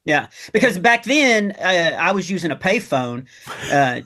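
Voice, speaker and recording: A man with a notably high-pitched voice, appearing as a comedian guest in a relaxed chat. He slips in dry, wry jokes as he tells his stories. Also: unhurried. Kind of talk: casual conversation.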